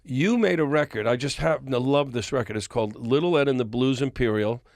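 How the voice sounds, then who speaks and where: Here the older man, a podcast guest from the music business, talks fairly quickly with vocal fry at a medium pitch. He's an animated storyteller who voices the dialogue in his long anecdotes, captured in clean studio sound without any room sound.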